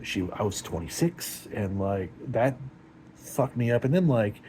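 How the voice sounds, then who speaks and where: A man's voice: fairly low pitch, animated, dark tone, slight background noise. Heartbroken man rambling to camera. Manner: rambling and halting, emotional. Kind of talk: personal confessional vlog.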